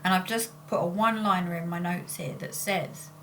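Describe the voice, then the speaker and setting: A woman's voice: lowish voice, steady tone, moderate pace, few pauses, fairly bright tone, slight background noise. A woman, chatting casually on her vlog in a rambling way, often breaking off to correct herself. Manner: rambling and self-interrupting. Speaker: spiritual channeler and vlogger. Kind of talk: casual chat.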